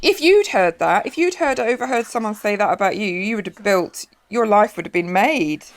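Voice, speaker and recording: A woman's voice: medium pitch, animated, moderate pace. A woman with a Yorkshire accent, co-hosting a casual podcast, teasing her friends and often laughing. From England. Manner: teasing, giggly. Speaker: podcast co-host. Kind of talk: casual chat.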